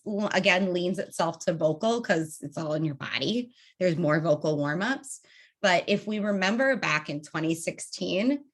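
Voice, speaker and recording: A woman vocal coach leading a public speaking workshop, demonstrating breathing in an animated, conversational way. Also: on the low side.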